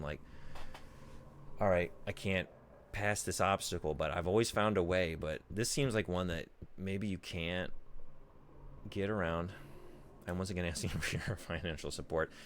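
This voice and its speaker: A man's voice: low-pitched, a little hiss or hum. A male streamer chatting casually while playing a game, rambling and swearing as he thinks aloud.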